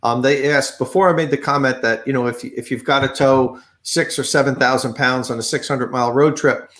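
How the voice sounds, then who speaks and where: A man's voice: medium pitch, fairly even intonation, a little fast, a bit bright. Man hosting a podcast chat. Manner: conversational, reads viewer comments.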